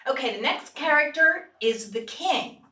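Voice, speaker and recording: Leading a group vocal exercise at a church retreat, this woman has a high, sharp-toned voice with lively intonation and a measured pace. Her casual workshop talk is playful and full of laughter, though allergies leave her congested. The recording comes from a room mic placed far off in an echoey church space.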